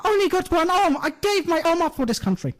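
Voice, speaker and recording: A young man doing a one-armed Irish rebel with a put-on Irish accent, shouting his lines in a loud, declamatory way. The voice sits noticeably higher than his own and swings widely in pitch. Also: big pitch swings, quick pace, full character voice. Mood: indignant.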